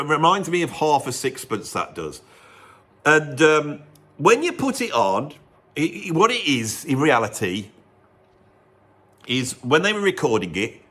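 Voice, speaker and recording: A man presenting a music video in an animated, rambling storytelling monologue. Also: mid-range voice. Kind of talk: casual monologue.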